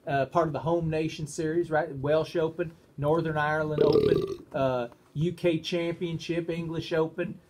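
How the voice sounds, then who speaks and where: A man co-hosting a casual livestream chat. He talks in a deadpan way and trades dry quips. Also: fairly high pitch, moderate pace, background noise. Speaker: co-host.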